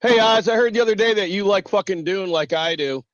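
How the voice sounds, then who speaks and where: A man's voice: high-pitched, fairly quick, dry recording. Profane ranting male streamer, dry lo-fi mic. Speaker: livestream host. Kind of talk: casual livestream rant.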